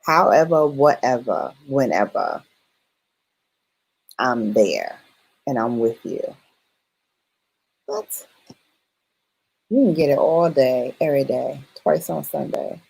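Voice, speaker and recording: A woman's voice: very deep voice, expressive, measured pace, creaky, darkish tone, husky, poor audio. A woman hosting a late-night live stream, chatting casually and affectionately with viewers, laughing often and using playful slang. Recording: music in the background. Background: music playing.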